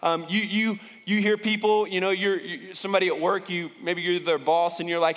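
A man's voice: sits high, fairly even intonation, normal speed, a bit bright, long reverb tail. A man preaching as a pastor, talking conversationally and often restarting his sentences. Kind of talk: sermon.

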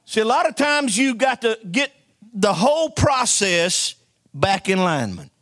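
A man's voice: high-pitched, very animated, unhurried, fairly bright tone, no echo, studio quality. A man preaching a sermon, telling folksy stories and calling for amens from the congregation. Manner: call-and-response preaching, folksy storytelling.

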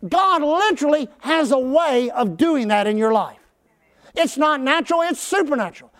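A man preaching in a very high voice, leading the congregation in call-and-response. He talks conversationally but with fervor, and at his peak points he breaks into shouts. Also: animated, moderate pace. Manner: rising to shouts at peaks. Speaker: pastor. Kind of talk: preaching a sermon.

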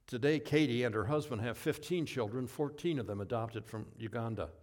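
Here a man preaches as a pastor, spinning stories in an easygoing, folksy manner with side remarks and self-corrections, his mid-range voice moving fairly quickly.

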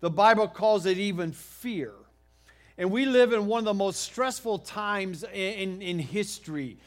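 A middle-aged American man preaching a sermon, telling a homey story in a folksy, animated way with frequent restarts. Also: sits high, a little slow. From United States. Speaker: pastor.

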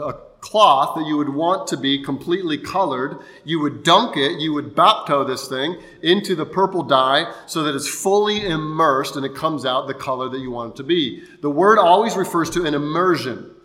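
A pastor preaching a Sunday sermon, explaining scripture in a conversational, teaching way. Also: male voice, mid-range voice, sharp tone.

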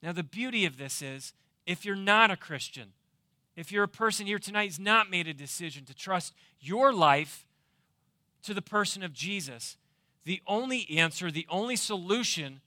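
A man's voice: high voice, bright, forceful tone, no room sound, studio quality. A man preaching a sermon as pastor, emphatic, asking rhetorical questions and repeating key phrases. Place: church.

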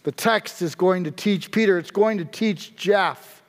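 A man's voice: sits high, unhurried. A man preaching a sermon as a pastor, speaking emphatically and building intensity through dramatic repetition. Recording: long reverb of a large hall.

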